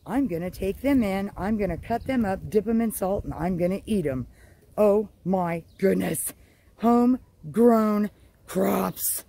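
A woman homestead vlogger chatting outdoors in her garden, gushing and exclamatory, with drawn-out words. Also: mid-range voice, dark tone, a little hiss or hum, low-quality recording. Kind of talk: casual excited vlog.

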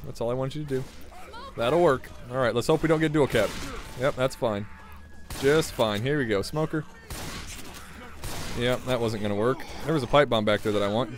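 A young man giving casual, sardonic commentary over his own gameplay, muttering to himself and swearing freely. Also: on the high side. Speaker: gaming video creator. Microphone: pop filter studio mic.

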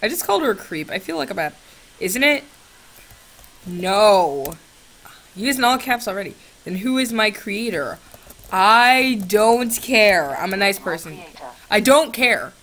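A woman's voice: mid-range voice, expressive, moderate pace, pauses often, a bit bright. A young woman vlogger chatting sarcastically with a chatbot, swinging between shrieks and mutters, on a computer's built-in mic. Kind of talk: casual chat with a chatbot.

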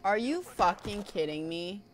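A woman's voice: mid-range voice, lively intonation, measured pace, a little hiss or hum. A young woman streaming a video game, talking casually and swearing at it when frustrated. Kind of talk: casual gameplay commentary.

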